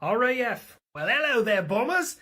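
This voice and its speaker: A man voicing a brash, hotheaded young man who talks loud and fast. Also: very high voice, very animated, voice pushed up, full character voice. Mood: cocky.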